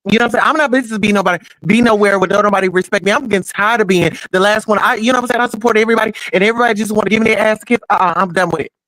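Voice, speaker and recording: A man, ranting loudly and bluntly on a casual chat panel and swearing freely. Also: sits high, no echo, rough recording. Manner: loud, blunt and profane, ranting quickly with repeated words. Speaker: panel regular.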